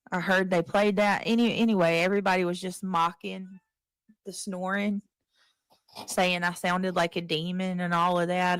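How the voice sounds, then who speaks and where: A woman's voice: lowish voice, clean tone, dry recording, rough recording. A woman, speaking defensively and exasperated as she explains herself to her viewers. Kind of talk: played clip of a defensive rant.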